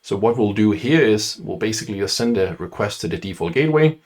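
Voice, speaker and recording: A man's voice: lowish voice, expressive, quick pace. A man working through a practice exam question as an instructor, reading it out and then reasoning aloud with frequent fillers and restarts. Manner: reads aloud, then thinks out loud with many fillers and restarts. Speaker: IT certification instructor.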